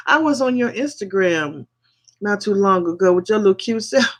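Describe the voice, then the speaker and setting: A man hosting a spiritual livestream guides viewers through slow, repetitive affirmations and greets them affectionately. His voice sits high and sounds animated.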